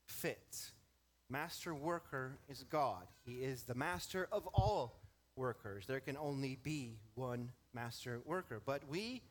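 A man preaching a sermon to his congregation, explaining a Bible verse with emphatic stress and shifting pace. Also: medium pitch. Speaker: pastor.

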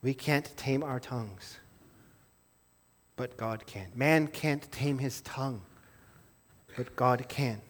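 A man's voice: slow, long pauses. Man preaching an earnest sermon. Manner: earnest preaching, rising to emphatic then dropping low and soft. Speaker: pastor.

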